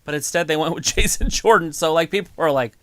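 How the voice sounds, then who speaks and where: A man's voice: a little high, fast, pushed and bright, no echo. A man co-hosting a live wrestling stream, rambling in a laid-back, jokey way between bits of match commentary.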